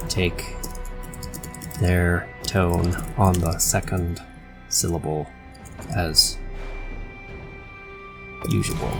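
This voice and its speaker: A man casually explaining the grammar of his invented language, wry and self-correcting, with the odd swear. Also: lowish voice. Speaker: conlang video creator. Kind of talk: casual screen-share lesson.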